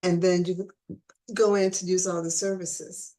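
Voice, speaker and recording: A woman's voice: lowish voice, level tone, a little slow, warm tone. A woman hosting a casual conversational interview, chatty and restarting her phrases, with the hiccups. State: has the hiccups.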